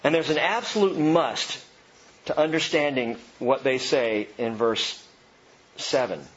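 A man preaching an Easter sermon to a church congregation, with animated delivery and acted-out voices of the people he describes. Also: medium pitch, a little slow, husky, lo-fi sound. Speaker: pastor.

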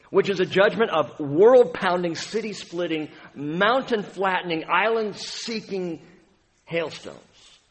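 A man preaches from the pulpit in a fairly high voice. His delivery is dramatic, building to booming peaks and then sinking almost to a whisper. The sound carries the long reverb of a big church hall. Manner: dramatic, swings from booming to hushed. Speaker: pastor. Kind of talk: sermon.

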